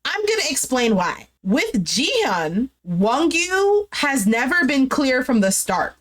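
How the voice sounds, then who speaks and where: A young woman casually recapping a dating show, chatty and animated, full of "like" and quoted dialogue. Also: sits high, slow pace. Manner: chatty, animated retelling with lots of "like". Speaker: recap streamer.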